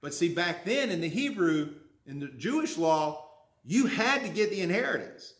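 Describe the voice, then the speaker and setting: A man's voice: high-pitched, big pitch swings, moderate pace, a bit bright, roomy sound. A man, preaching a sermon in a folksy, conversational way, full of questions to the congregation. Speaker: pastor.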